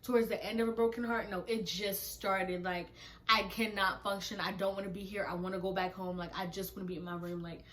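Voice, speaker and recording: A woman's voice: medium pitch, fairly quick. A young woman telling a casual storytime vlog, acting out her own texts and going off in heated bursts. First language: Nigerian heritage, speaks English. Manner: animated, acts out her texts and goes off in bursts.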